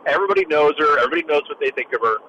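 A man talking casually as a political commentator, animated and jokey, with quick asides. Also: a little high, lo-fi sound, a little hiss or hum.

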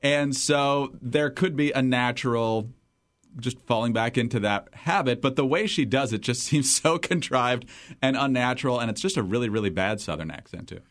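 A man's voice: mid-range voice, normal speed. A man from northern Michigan hosting a casual political chat show, laughing often. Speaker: radio podcast host.

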